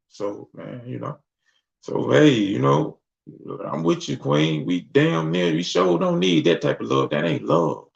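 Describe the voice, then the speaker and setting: Gravelly-voiced man talking loosely, lo-fi. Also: medium pitch, animated, unhurried. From Mississippi. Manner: loose, conversational, acts out voices. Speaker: host. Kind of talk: casual livestream talk. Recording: dull lo-fi sound.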